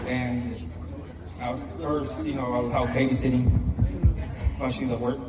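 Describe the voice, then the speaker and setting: A man speaking as a father at a funeral, soft-spoken and halting, with many pauses in plain everyday speech. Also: medium pitch, flat delivery, very noisy. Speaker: father giving a eulogy. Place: church or funeral hall. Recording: echoey hall, mic at a distance.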